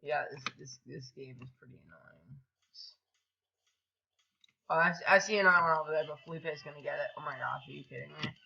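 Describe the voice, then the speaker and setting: High, bright-voiced excitable young gamer. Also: male voice, brisk, gravelly, highs cut off, slight background noise. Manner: excitable, yelps and groans at the game; mumbles asides under his breath. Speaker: gaming channel host. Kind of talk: casual gameplay commentary.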